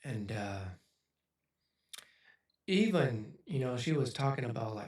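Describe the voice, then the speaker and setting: A man's voice: mid-range voice, lively intonation, slow, a little mellow. Choked-up man in his forties telling a story. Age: 40s. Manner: choked up and emotional, rambling with many fillers. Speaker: speaker on a livestream. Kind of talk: emotional storytelling to an audience. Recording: echoey room, voice from a distance.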